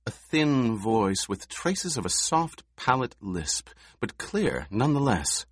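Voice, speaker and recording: A man reading an audiobook in a measured, expressive manner, recorded close to the mic. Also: medium pitch, slightly rough, no room sound. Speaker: audiobook narrator. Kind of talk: scripted narration.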